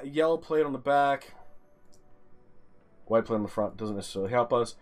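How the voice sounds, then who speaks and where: Ranting, foul-mouthed New York gamer. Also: male voice, mid-range voice. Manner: exasperated, swears constantly, ranting. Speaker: streamer playing a geography game. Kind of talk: profane gaming commentary.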